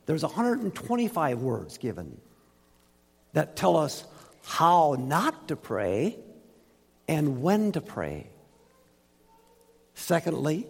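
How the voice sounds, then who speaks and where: Pastor, male, husky and emphatic, lively pitch swings, echoing church hall. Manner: emphatic preaching, swinging from loud highs to soft lows. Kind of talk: sermon. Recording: reverberant hall.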